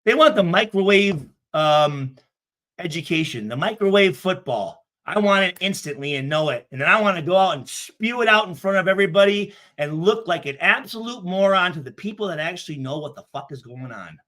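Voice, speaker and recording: A man with a fairly high, lively voice riffs on viewer comments in a casual vlog. He swears freely and stutters, often restarting his sentences and repeating himself. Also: fairly quick. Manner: profane, animated, repeats himself. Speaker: vlogger reading comments.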